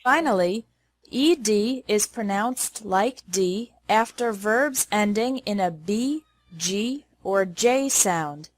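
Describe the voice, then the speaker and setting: An English pronunciation teacher leads a lesson slowly and carefully, saying each model word clearly and deliberately. Her middle-pitched voice is expressive.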